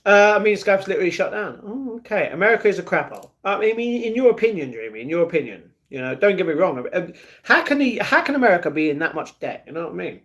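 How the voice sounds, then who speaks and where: A man's voice: high voice, big pitch swings, fast talker, a bit bright. A young British man chatting casually on a live stream, answering viewers by name and laughing often. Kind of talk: casual live-stream chat, reading chat messages.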